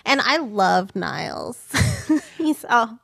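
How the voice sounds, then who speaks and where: A woman's voice: medium pitch, very animated, slow pace, vocal fry, a bit bright, breathy edge. A young woman chatting casually on a podcast, laughing often and saying "like" a lot. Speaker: podcast guest.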